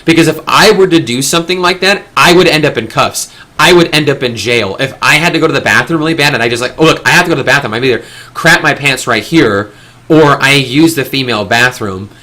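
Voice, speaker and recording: A man's voice: mid-range voice, a little fast, pushed and bright. A young man hosting a casual discussion, talking earnestly in long, rambling stretches with frequent restarts. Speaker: discussion host.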